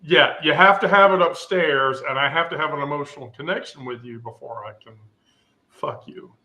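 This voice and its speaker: A man's voice: on the high side, normal speed. Laughing, blunt man in casual chat. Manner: candid, laughs loudly, blunt.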